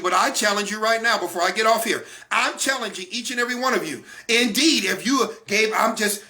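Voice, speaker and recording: Guy preaching on a broadcast, high bright voice, animated, lots of punch. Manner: animated, preachy, acts out others in quotes. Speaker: broadcast speaker. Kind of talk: preaching-style talk.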